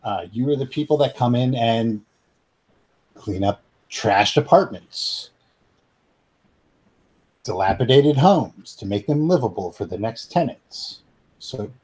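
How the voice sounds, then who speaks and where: A man guides a tabletop game with a husky, slightly rough voice. His pitch rises and falls a lot as he describes the scene. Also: warm tone, rough recording. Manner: laughing easily, descriptive. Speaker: game master.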